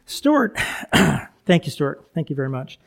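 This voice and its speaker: Middle-aged man, pastor, relaxed sermon, fairly high pitch, halting restarts, self-deprecating laughs. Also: creaky. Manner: chatty, warm asides, laughs at himself, halting restarts.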